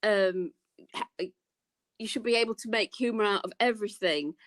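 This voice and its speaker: A woman's voice: mid-range voice, normal speed, a bit bright. A woman chatting on a panel, blunt and indignant in tone. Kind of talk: casual panel chat.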